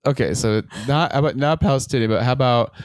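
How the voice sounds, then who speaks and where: A man's voice: mid-range voice, fast talker, dry recording. A man co-hosting a podcast, riffing in long, rambling absurd bits. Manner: rambling, absurd deadpan riffs. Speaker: podcast co-host. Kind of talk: casual podcast banter.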